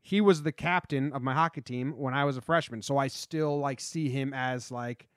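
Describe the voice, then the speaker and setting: A man's voice: mid-range voice, normal speed, fairly bright tone, clear, resonant tone, dry recording, clean studio sound. A young man co-hosting a casual sports podcast, chatty and meandering with lots of fillers. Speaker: podcast co-host.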